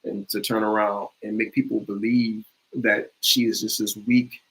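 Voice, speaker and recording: A man's voice: fairly low pitch, flat delivery, normal speed, fairly bright tone, poor audio. A man, an actor, talking earnestly about his roles in a casual interview, with many fillers and restarts. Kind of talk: conversational interview.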